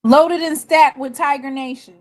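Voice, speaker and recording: High-voiced woman chatting sports. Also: normal speed, no room sound, clean studio sound. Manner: animated, teasing, laughs often. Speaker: podcast co-host. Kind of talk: casual sports chat.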